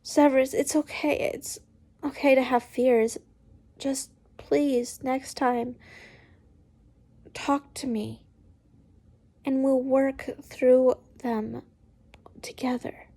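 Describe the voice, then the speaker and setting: A woman's voice: high-pitched, level tone, slow, pauses often, warm tone, heavily acted. A woman voicing a tearful, pleading young male wizard, with hesitant restarts. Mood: gentle.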